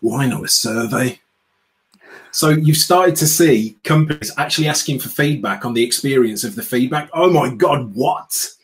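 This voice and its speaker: In a lively interview, a guest who speaks on customer experience, an outspoken man with a British accent from the UK, gets sarcastic and performs little quotes. He speaks expressively in a fairly high voice at a moderate pace, barely pausing, on a rough recording.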